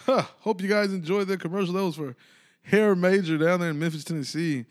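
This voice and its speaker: A man's voice: high-pitched, brisk. A man hosting his own podcast in loose casual chat, rambling and breaking off to restart his thoughts. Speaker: podcast host.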